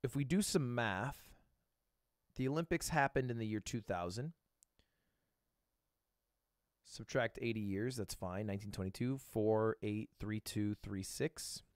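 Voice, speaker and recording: A man streaming live who thinks out loud through guessing games, swears freely and bursts into loud excitement, recorded close on a desk microphone. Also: on the low side, normal speed, dry recording. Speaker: streamer reacting to videos and playing guessing games.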